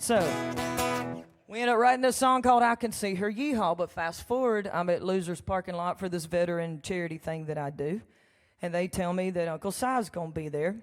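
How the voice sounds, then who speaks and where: A woman, a country songwriter telling folksy, animated stories during a live church concert. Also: fairly low pitch, fairly quick. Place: church sanctuary. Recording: long hall reverb with faint music.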